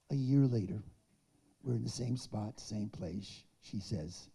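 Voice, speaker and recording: A man with a deeply gravelly, husky voice tells stories as a rabbi addressing teachers. The tone is dark and mellow. He is animated, and his voice climbs sharply when he reaches a punchline. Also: normal speed. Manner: animated raconteur, voice climbs high when recounting. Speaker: rabbi giving a faculty talk. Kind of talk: anecdotal storytelling talk.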